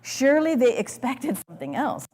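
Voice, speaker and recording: A woman pastor preaching a sermon, retelling a story dramatically with sudden loud surges and hushed drops and restarting her words now and then. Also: high-pitched, sing-song, normal speed, slightly rough. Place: church sanctuary. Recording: long reverb of a church hall.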